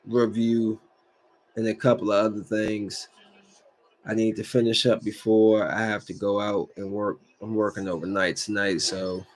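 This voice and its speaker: A man's voice: lowish voice, moderate pace. A man hosting his own podcast, ranting casually with many fillers and repeated phrases. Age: adult with kids. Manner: animated, repeats himself, lots of "like" fillers. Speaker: podcast host. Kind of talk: solo casual podcast rant.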